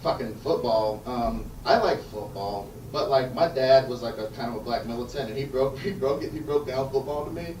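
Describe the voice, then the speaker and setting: A man's voice: medium pitch, normal speed, hardly any pauses, a little mellow, slight background noise. A man doing a loose, profane stand-up comedy set at a backyard show, with the audience laughing. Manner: loose, profane, riffing storyteller. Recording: roomy, distant live recording.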